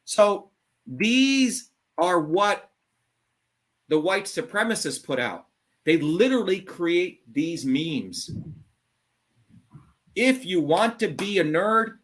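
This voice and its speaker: A middle-aged man with a voice a little higher than most men's holds forth on a call-in show. He is blunt and combative, swears freely and leans hard on his points in a heated monologue. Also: very animated, slow, long pauses, fairly bright tone. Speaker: show host.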